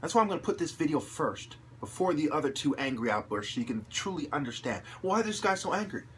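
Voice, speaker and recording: A man delivering an angry, profane monologue to his viewers, ranting aggressively and rising to shouts. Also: a little high, big pitch swings, fast talker, slight background noise. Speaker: channel host.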